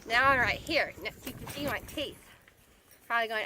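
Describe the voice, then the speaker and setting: A woman's voice: a little high, brisk. A woman horse trainer giving chatty instructional commentary while riding, repeating key words for emphasis. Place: outdoors with a horse. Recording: noisy outdoor audio with hoofbeats.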